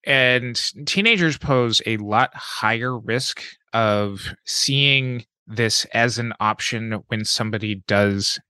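A man, a clinician, explaining risk factors in a measured, clinical way during a podcast conversation. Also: mid-range voice, sharp tone, clean tone, dry recording.

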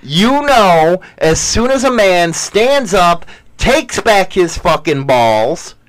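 Male podcast co-host, high and very lively, crude, boastful banter. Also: slow. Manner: profane, boastful, mock-preaching. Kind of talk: casual banter.

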